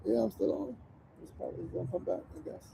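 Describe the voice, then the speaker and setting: Gravelly high-voiced New man, earnest. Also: animated, fast talker, background noise. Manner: earnest, emotional, profane and conversational. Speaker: livestream host and community organizer. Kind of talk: casual motivational livestream talk. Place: outdoors on a street corner.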